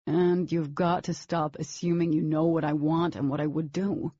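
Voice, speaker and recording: A woman narrator voicing an intense, stubborn teenage boy who talks in a forceful, insistent way. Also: deep voice, flat delivery, moderate pace, no room sound, muffled recording.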